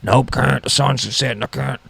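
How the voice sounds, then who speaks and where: A man's voice: mid-range voice, steady tone, normal speed, vocal fry, a bit bright, husky, dry recording, voice pushed up, full character voice. A man voicing a crazy old male roommate who whines stubbornly about parking his car, in an improvised comedy bit. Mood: fussy. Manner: stubborn, petty, whiny insistence.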